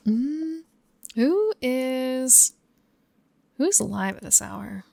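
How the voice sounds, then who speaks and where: Gaming live from her home setup, this woman talks to her chat between rounds, musing and laughing a lot. Her voice sits high yet sounds gravelly and dark, captured in a dry recording.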